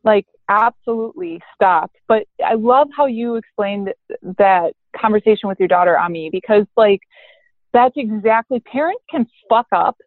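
A woman's voice: medium pitch, normal speed, no echo. A woman in her thirties, a therapist guest in a casual interview, speaking candidly and animatedly, swearing now and then and acting out quotes from parents and teens. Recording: dry, phone-like narrow sound.

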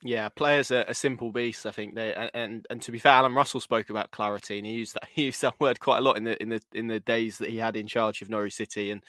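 A man's voice: on the low side, fairly even intonation, fast, few pauses, fairly bright tone, dry recording, clean studio sound. A man hosting a football podcast, chatting casually and rambling, with lots of restarts and repeated words. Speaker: podcast host.

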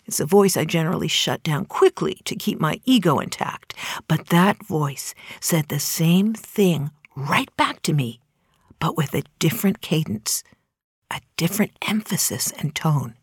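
A woman in her forties giving an earnest, measured spoken reflection with dramatic emphasis. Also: fairly low pitch, no room sound, studio quality. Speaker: inspirational speaker.

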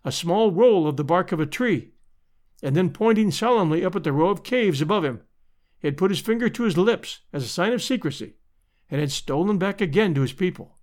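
A man narrating a storybook adventure in an expressive, measured way. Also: high voice. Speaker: audiobook narrator.

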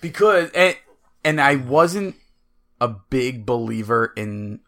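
A man co-hosting a sports podcast, telling stories in an excitable, animated way. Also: medium pitch, slow. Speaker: podcast co-host. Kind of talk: casual sports chat.

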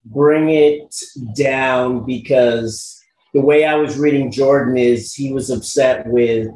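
A man's voice: medium pitch, measured pace. A man, an actor, casually telling stories about a past role with frequent fillers. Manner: relaxed, frequent fillers, lively when quoting himself. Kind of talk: casual anecdotal storytelling. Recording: roomy with faint background noise.

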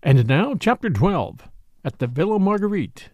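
A man narrating a novel in a scripted reading. His pitch is lively and slightly raised. The recording is close and dry. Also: normal speed, no echo. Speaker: audiobook narrator.

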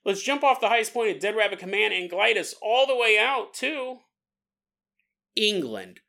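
A man's voice: high-pitched, a little fast, gravelly, bright, forceful tone. A man hosting a podcast, telling a story in a playful, rambling way and laughing often. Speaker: podcast host.

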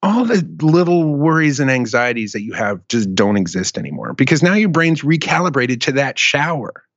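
A man hosting a casual talk show, telling a profane, animated story in a rant. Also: mid-range voice, moderate pace, no room sound, highs cut off. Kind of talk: casual chat.

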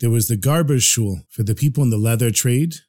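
A man narrating a traditional story in an expressive podcast storytelling style. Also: mid-range voice, fairly quick, no room sound.

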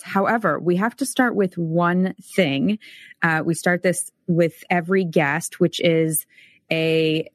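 A woman's voice: on the low side, no echo, clean studio sound. A woman hosting a recovery podcast, talking enthusiastically and chattily to her guest. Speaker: podcast host. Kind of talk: casual podcast interview.

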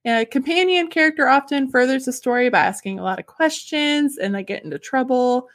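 A woman with a high, light voice chats on a podcast, reading off fun facts. She laughs easily and sounds keen on her subject. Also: a little fast, fairly bright tone. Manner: giggly and enthusiastic. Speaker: podcast host. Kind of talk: casual chat, reading out facts.

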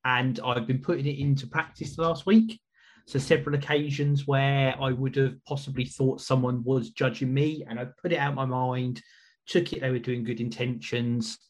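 Casual male podcast host, slightly husky, rambly and warm-paced. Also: mid-range voice, little pitch movement, moderate pace. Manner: chatty, rambling with restarts.

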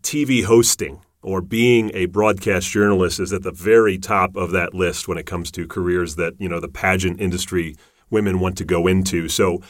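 Deep-voiced man hosting a podcast. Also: fairly even intonation, moderate pace, no room sound, clean studio sound. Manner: enthusiastic, emphatic, building up to loud punchlines. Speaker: podcast host. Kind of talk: casual podcast interview.

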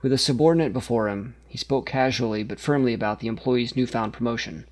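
A man narrates a story aloud in a mid-pitched, steady reading voice. He keeps an even storytelling pace and lifts his voice a little whenever characters speak. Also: fast, hardly any pauses.

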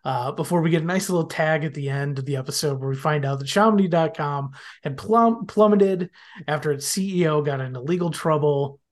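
A man on a podcast, retelling the plot in a casual, animated way and often slipping into characters' lines. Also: on the high side, fairly quick. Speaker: podcast guest. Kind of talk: casual podcast episode recap.

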